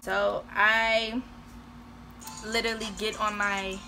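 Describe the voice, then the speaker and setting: A young woman vlogger telling a personal story in a casual, animated and emotional way. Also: a little high, moderate pace, over music.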